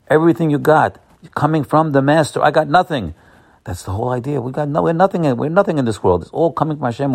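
With a medium-pitched voice, a man who seems to be a rabbi offers a holiday sermon. He halts often and uses many fillers, then builds toward emphatic, excited bursts.

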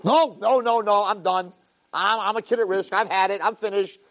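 A man's voice: high voice, steady tone, normal speed, a bit bright, pitched above the performer's own voice. A man voicing a sulking, resentful young man who complains in a whiny, self-pitying way.

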